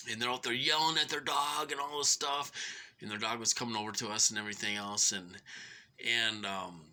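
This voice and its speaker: Speaking at medium pitch in a pushed, bright way, a middle-aged Minnesotan vlogger airs his grievances in a rambling monologue. He sounds winded, with plenty of fillers and restarts.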